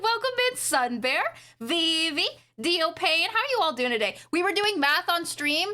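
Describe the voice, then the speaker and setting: A woman streaming live, chatting casually to her viewers in an excitable, rambling way with frequent giggles. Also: very high voice, normal speed, faint music behind. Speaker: streamer and animator. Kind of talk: casual livestream chat.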